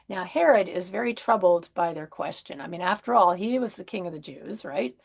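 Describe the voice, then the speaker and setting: A woman minister giving a Christmas sermon in a gentle, conversational way, with soft asides and rhetorical questions. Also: fairly low pitch, animated, brisk, gravelly, hardly any pauses, slightly rough.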